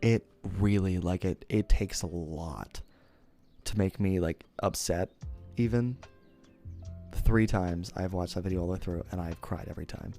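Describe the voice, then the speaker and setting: Young male streamer, low register, loose self-interrupting storyteller, light music bed. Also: measured pace, mellow. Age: young adult. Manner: rambling, self-interrupting, laughs at himself. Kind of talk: casual storytelling to chat.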